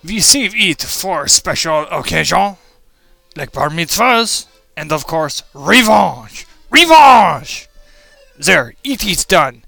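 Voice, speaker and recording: A man's voice: fairly high pitch, animated, slow, gravelly, bright, forceful tone, dry recording, faint music behind, heavily acted. A man playing a vengeful male spider with a mock French accent, in a melodramatic comic monologue. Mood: gloating. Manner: melodramatic, villainous, theatrical. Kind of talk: comedic monologue.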